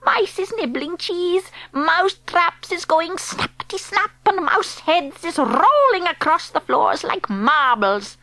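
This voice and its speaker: A woman voicing the Grand High Witch, an imperious and cruel old witch who speaks slowly with mangled foreign-sounding grammar in an audiobook. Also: very animated, sharp tone, exaggerated voice. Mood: gloating. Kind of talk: audiobook character reading.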